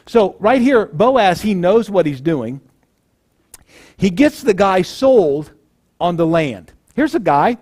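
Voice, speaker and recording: A man's voice: fairly high pitch, expressive, unhurried, a little mellow. A male pastor giving a sermon in a conversational way, acting out the people in the story.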